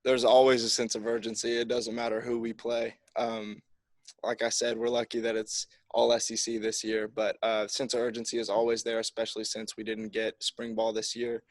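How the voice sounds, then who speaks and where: A man's voice: medium pitch, monotone, normal speed, dry recording. A young man, a college football kicker, answering press conference questions in an upbeat, easygoing way. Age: young adult.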